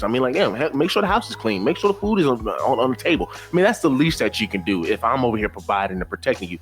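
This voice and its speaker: A man delivering reaction commentary in an emphatic, lecturing tone, repeating lines for effect. His voice sits at an ordinary middle pitch, with faint music underneath. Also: sing-song, fast talker. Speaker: commentary host.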